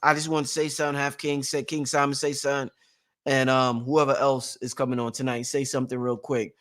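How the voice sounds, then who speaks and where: A man hosting a casual motivational livestream, rambling and repetitive, with slang and shout-outs to his viewers. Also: mid-range voice, level tone, fairly quick. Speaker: livestream host.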